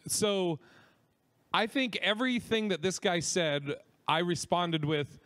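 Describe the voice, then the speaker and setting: A man's voice: sits high, expressive, slow, fairly bright tone. A man co-hosting a comedy podcast, ranting in casual talk, profane and rambling, often stumbling over his words. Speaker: podcast co-host.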